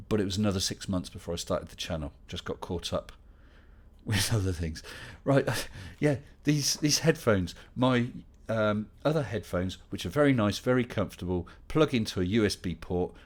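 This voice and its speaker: A man's voice: on the low side, normal speed. A middle-aged man hosting a casual live Q&A stream, chatting and reading out viewer questions with dry humor.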